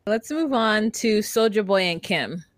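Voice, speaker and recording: A woman co-hosting a podcast, chatting casually about a reality show in a rambling, animated way full of fillers and mock quotes. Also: mid-range voice, unhurried, dry recording. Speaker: podcast co-host.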